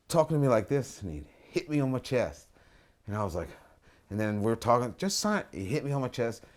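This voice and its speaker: A man, an artist, casually telling a wild story in an interview, swinging between mumbled asides and loud, profane outbursts. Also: medium pitch. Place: lives in Atlanta.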